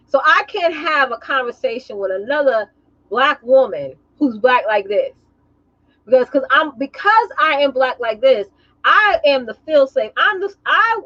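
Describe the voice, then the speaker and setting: A woman business coach talking casually on a live stream, telling animated stories and calling her viewers y'all. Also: high voice, highs cut off.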